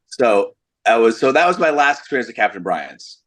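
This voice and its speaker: A man's voice: mid-range voice, very animated, normal speed, fairly bright tone. A man co-hosting a casual podcast, telling an anecdote in a chatty storytelling way. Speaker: comedian co-host.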